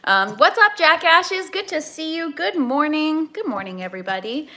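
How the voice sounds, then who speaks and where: A woman's voice: high voice, big pitch swings, normal speed, sharp tone. A woman from Canada hosting a live cooking stream, rambling in casual chat and greeting viewers by name.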